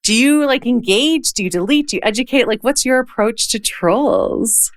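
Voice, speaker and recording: A woman hosting a podcast interview, chatty and effusive, quick to laugh. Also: a little high, expressive, dry recording, studio quality. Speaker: podcast host. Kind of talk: casual interview chat.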